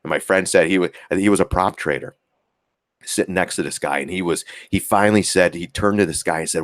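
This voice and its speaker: Speaking briskly in a low voice, this stock trading livestream host rambles through casual chat full of fillers and repeats, often chuckling and performing the voices he quotes. The recording is dry with clean studio sound.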